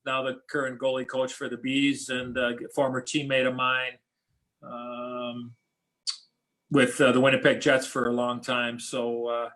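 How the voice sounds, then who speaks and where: A man's voice: mid-range voice, monotone, a little slow, fairly bright tone. A middle-aged American man, a former hockey player, telling stories as a podcast guest, rambling with many fillers and restarts. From United States. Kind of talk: casual storytelling interview.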